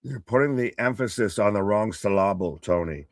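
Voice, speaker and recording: A man's voice: on the low side, moderate pace, no echo, studio quality. A man co-hosting a live wrestling watch-party stream, rambling through jokey, worked-up opinions. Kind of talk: casual live-stream chat.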